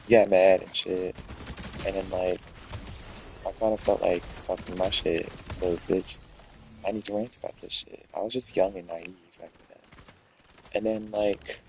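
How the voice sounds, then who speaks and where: A man's voice: low-pitched, fairly even intonation, unhurried, vocal fry, darkish tone, a little hiss or hum, rough recording. A man telling a rambling, profane story in a casual rant.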